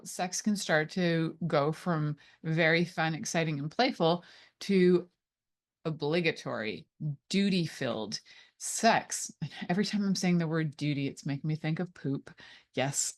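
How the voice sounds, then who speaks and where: Playful low-voiced woman radio host. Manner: chatty and playful, with frequent fillers. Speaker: radio show host and intimacy coach. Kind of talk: casual radio talk.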